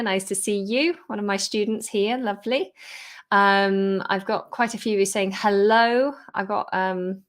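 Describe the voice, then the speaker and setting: A woman leads a live-streamed lesson. She talks in an unhurried, chatty way, sits in a middle pitch for a woman, and slows down to repeat the key phrases. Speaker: English teacher.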